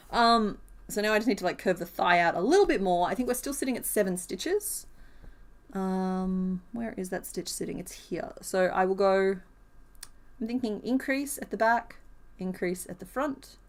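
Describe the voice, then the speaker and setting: Woman streaming her crochet, talks it all through out loud, giggles a lot. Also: mid-range voice. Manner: chatty, thinks aloud, laughs often. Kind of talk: casual live-stream chat while crocheting.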